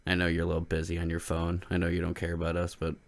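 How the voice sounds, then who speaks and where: A man with a very low voice and a gravelly rasp, chatting loosely with his co-hosts on a podcast. He jokes around and laughs often as he talks. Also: completely flat delivery, very fast. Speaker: podcast co-host. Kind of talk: casual chat.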